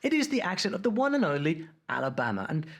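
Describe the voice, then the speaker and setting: A man narrating a scripted video in an upbeat, playful way with a husky voice. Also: fairly high pitch, sing-song, quick pace.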